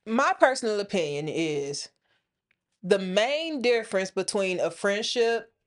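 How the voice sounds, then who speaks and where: A woman's voice: medium pitch, animated, a little slow. A woman in her thirties or forties co-hosting a podcast, talking frankly and opinionated in casual chat, swearing freely. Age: 30s to 40s. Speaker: podcast co-host.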